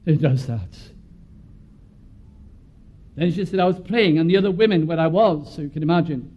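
A man from Wales preaching a sermon earnestly, swelling from quiet musings to fervent prayer. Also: on the high side, normal speed, pauses often. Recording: dull lo-fi recording.

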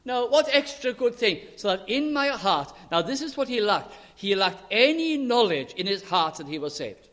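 An earnest man preaching with emphatic phrasing and long pauses. His voice sits fairly high for a man. The sound rings out with a long hall reverb. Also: sing-song, fairly bright tone. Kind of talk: sermon.

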